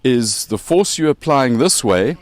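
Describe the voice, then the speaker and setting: A South African man hosts a casual chat and explains things playfully, cracking jokes as he goes. His pitch bounces around in a lively way. The sound is dry and close. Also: unhurried, no room sound. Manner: playful, joking, explains with props. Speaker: podcast host.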